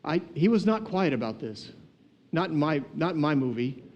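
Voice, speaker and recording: A man teaching on a casual podcast, retelling a story in a lively, humorous, conversational way. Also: fairly high pitch, normal speed, muffled recording.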